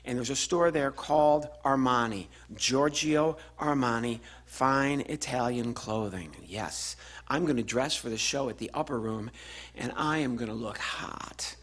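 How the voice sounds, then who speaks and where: On a live stage, a man performs stand-up comedy, telling a story and acting out the voices of its characters, while the audience laughs. His voice sits in the mid range and moves a little slowly, and his delivery is animated.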